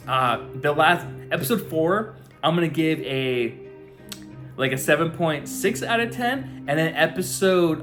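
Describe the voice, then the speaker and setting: A man's voice: fairly high pitch, fairly bright tone. Chatty, profane young man reviewing anime. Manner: loose, profane, chatty with many fillers. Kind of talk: casual recap and review.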